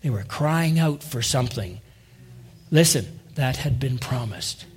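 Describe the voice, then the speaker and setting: A man with a mid-range, slightly rough voice preaches a sermon at an unhurried but animated pace. He speaks earnestly to his congregation, builds to impassioned appeals, and addresses listeners directly, calling them saints and using their names.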